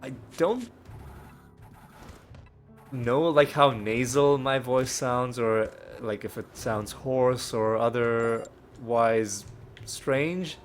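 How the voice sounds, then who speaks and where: A man's voice: mid-range voice, very slow. A man with a cold, now and then coughing, casually commenting on a video game as a let's play host while rambling and thinking aloud at his desk mic. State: ill with a cold, occasional coughs. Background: faint game music.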